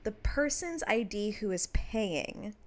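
A woman's voice: medium pitch, slow. A woman co-hosting a podcast, casually chatting and telling stories with lots of laughter. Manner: animated storyteller, laughs often. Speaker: podcast co-host. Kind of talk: casual chat.

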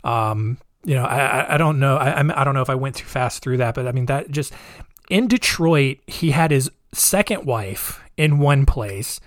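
A man's voice: mid-range voice, animated, normal speed, no echo. A man casually retelling a true-crime story, hesitant and wry, with many restarts. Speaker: podcast storyteller.

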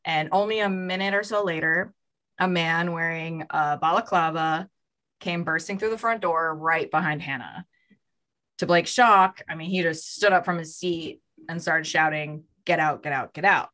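A woman hosting a podcast tells a crime story in a relaxed, chatty way. Her voice sits a little low but sounds bright and forward. She narrates with fillers and asides. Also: normal speed. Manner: reads out a story with fillers, voicing quoted lines. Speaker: podcast host telling a true crime story.

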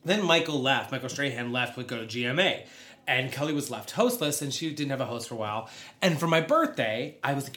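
Podcast co-host: woman in her thirties, self-mocking storyteller, very lively pitch, recorded in an echoey room. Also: a little fast. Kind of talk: casual chat, storytelling.

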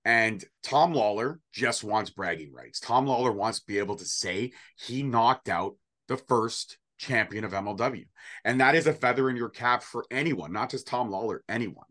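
A man's voice: medium pitch, moderate pace, fairly bright tone. A man co-hosting a casual wrestling prediction show, joking and rambling with sarcastic asides. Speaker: podcast co-host.

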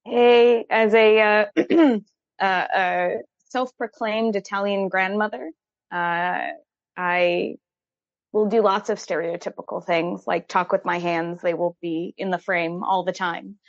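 A woman from New Jersey, a podcast guest, chatting casually and pausing with fillers. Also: medium pitch, steady tone, no room sound, lo-fi sound. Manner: hesitant, many fillers.

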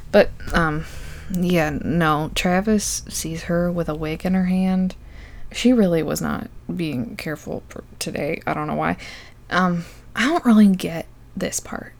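A young woman rambles through a movie recap in a low, gravelly voice. She talks sarcastically and loosely, filling gaps with likes and ums while she mocks the plot. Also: unhurried, darkish tone.

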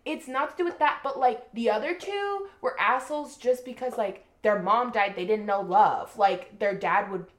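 A young woman co-hosting a podcast who recaps a book in casual chat. She is an animated storyteller who swears freely and says "like" often. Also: fairly high pitch, moderate pace, hardly any pauses. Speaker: podcast co-host. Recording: roomy echo.

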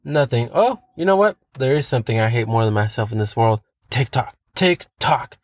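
A man's voice: mid-range voice, expressive, normal speed, no echo. A man ranting on his own, swearing freely and hammering points home by repeating them. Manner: profane, emphatic, repeats himself for effect. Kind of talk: solo rant monologue.

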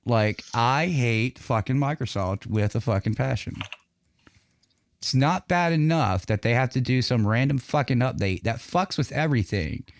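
A man's voice: mid-range voice, animated, moderate pace, dry recording. A man hosting a live online radio show, ranting and swearing angrily about his computer trouble. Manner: profane, angry ranting. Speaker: host.

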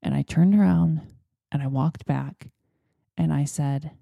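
A woman's voice: deep voice, unhurried, vocal fry, dry recording, lo-fi sound. A woman hosting a podcast, telling a personal story in a chatty, rambling way. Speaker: podcast host. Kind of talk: casual storytelling.

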